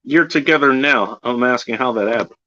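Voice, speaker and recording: A man's voice: medium pitch, brisk, sharp tone. A man hosting a casual livestream chat, easygoing and profane, laughing often. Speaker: livestream host. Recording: slightly muffled lo-fi audio.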